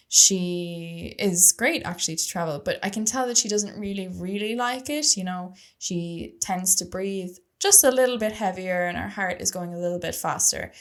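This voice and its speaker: A young adult woman hosting a solo podcast, telling a story in a chatty, rambling way, correcting herself as she goes and laughing at herself. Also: mid-range voice. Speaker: podcast host.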